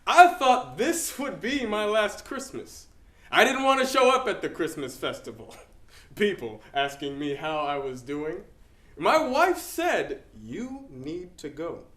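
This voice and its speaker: A young man playing a middle-aged pastor with ALS, shifting between wry humor and quiet gravity, performed on a stage in an echoey hall. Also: sits high, very animated, slow, exaggerated voice. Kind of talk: dramatic interpretation performance.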